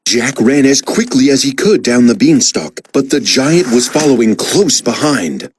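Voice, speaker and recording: A woman reading a children's story aloud with expressive, dramatic emphasis. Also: very deep voice, unhurried, a little hiss or hum.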